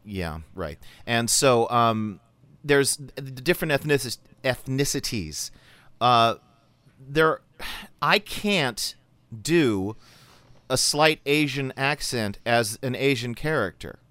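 A man's voice: medium pitch, animated, slow pace, bright, forceful tone, smooth, no echo. Guy voice actor ranting on a podcast, swears a lot, keeps restarting, dry close sound. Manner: blunt, profane, rambling with restarts. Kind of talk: podcast discussion.

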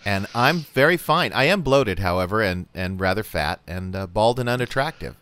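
Smooth low-voiced campy man. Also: animated, moderate pace, a bit bright, dry recording. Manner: dramatic, indignant, campy. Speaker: co-host. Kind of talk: casual chat.

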